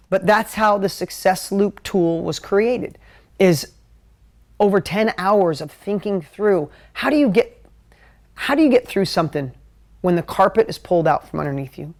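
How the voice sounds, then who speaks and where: A man teaching a live motivational talk at a whiteboard, energetic, emotional and conversational. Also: high voice. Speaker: motivational business coach.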